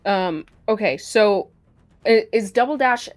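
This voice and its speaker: A woman's voice: medium pitch, animated, takes it slowly. A woman playing a tabletop game, tentatively checking the rules aloud as she plans her turn. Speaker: player.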